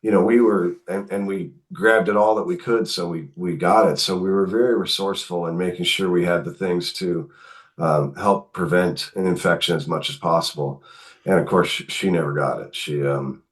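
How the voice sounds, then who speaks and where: A man's voice: low-pitched, moderate pace. A middle-aged man, a guest author, telling a long personal story in conversation and acting out the voices of the people in it. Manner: animated, acts out quotes in his telling.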